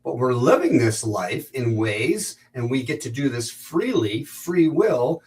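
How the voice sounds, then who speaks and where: A man's voice: mid-range voice, sing-song, unhurried, a little mellow, distant mic, poor audio. A male minister giving a conversational, reflective sermon, with frequent fillers and restarts.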